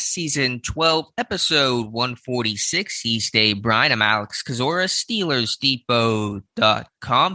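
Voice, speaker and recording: A man with a very bright, sharp voice at middling pitch hosts a casual sports podcast. He speaks plainly and easily, with a deliberate opening. The sound is dry and close to the mic. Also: no echo. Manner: easygoing, plainspoken, slow formal show opening. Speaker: podcast co-host.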